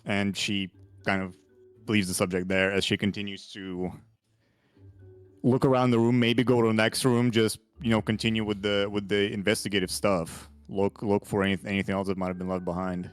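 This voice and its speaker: A man playing a tabletop game, calmly describing what his character does, with a few restarts. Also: fairly low pitch, normal speed, clean tone, soft background music. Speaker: player.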